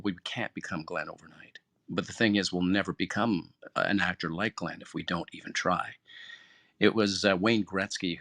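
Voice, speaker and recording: Earnest low-voiced man giving a pep talk. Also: fairly bright tone, dry recording, clean studio sound. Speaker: host. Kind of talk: motivational talk in an online audio room. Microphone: phone or headset in an online audio room.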